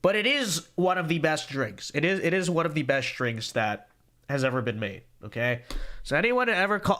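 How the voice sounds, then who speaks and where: A young man hosts a podcast livestream, casually chatting and reading super chats with joking, sarcastic asides and repeated catchphrases; he's tired but still talkative. His voice sits high with big pitch swings, a normal pace, and a slightly bright tone.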